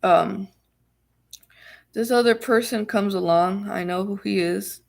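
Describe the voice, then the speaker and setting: A woman's voice: medium pitch, slow pace, creaky. A woman vlogger telling a personal story in a rambling, casual way, full of fillers and emphatic repeats.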